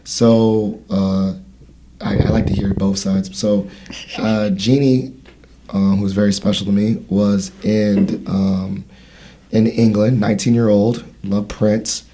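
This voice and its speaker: A man's voice: on the low side, level tone, slow, dark tone, a little hiss or hum. A man in his thirties hosting a casual podcast conversation, telling a story in a rambling way with many fillers and restarts. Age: 30s. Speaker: podcast host.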